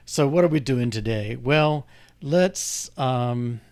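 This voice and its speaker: Speaking slowly in a mid-range, darkish voice, a programmer walks through code on screen in a casual live session. His thinking-aloud delivery is full of restarts and filler words.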